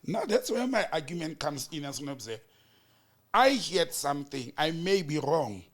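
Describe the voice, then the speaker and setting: A South African man with a fairly high voice tells the story of a hearing blow by blow. He jumps into the quoted lines with sudden lifts in pitch and emphasis. He keeps it conversational, like a commentator thinking aloud. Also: sing-song, moderate pace. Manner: storytelling, acting out quoted exchanges with rising emphasis. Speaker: political commentator. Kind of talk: animated political chat recounting a hearing.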